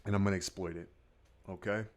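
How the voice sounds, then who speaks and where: A man giving casual market commentary as a day trader, mumbling quietly over his charts at times and firing up into a loud, swearing pep talk at others. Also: sits low, steady tone, fast.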